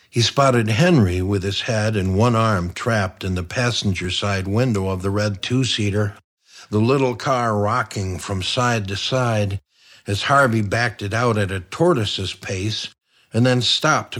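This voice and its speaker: A man reading a comic crime novel aloud, in a dry, wry storytelling manner. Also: fairly low pitch. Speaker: narrator. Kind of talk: audiobook narration.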